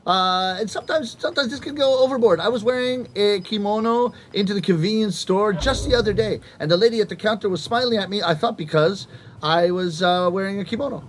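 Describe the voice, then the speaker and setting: Animated comedian around fifty, high voice, stage storytelling with acted-out punchlines. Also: male voice, a little fast, slight background noise. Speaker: rakugo comedian. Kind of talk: stand-up storytelling to a live audience.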